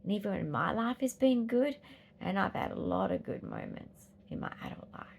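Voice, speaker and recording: Gravelly-voiced Australian woman musing aloud. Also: mid-range voice, very animated, normal speed, a little hiss or hum. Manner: rambling, philosophical, emphatic. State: weary after a hard night. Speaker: vlogger. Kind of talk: reflective personal vlog.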